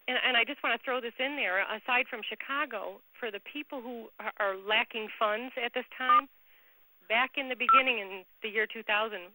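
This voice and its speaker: Earnest woman caller, bright and piercing tone, story told over the phone. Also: a little high, rough recording. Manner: earnest, gets emotional. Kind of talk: personal story on a conference call. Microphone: phone line.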